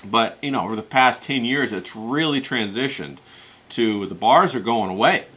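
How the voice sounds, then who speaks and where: A man's voice: mid-range voice, moderate pace, pushed and bright, husky. A middle-aged man in casual conversation, rambling and blunt, with lots of "you know" fillers and restarts. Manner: blunt, swears offhand. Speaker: podcast guest in a group chat. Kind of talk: casual chat.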